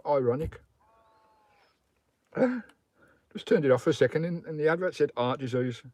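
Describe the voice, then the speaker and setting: A man's voice: mid-range voice, lively intonation, moderate pace, pauses often, a little mellow, dry recording. Chatty man on a live stream. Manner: rambling, chatty, talks to his dog and viewers. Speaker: vlogger hosting a live stream. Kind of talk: casual live-stream chat. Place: inside a campervan.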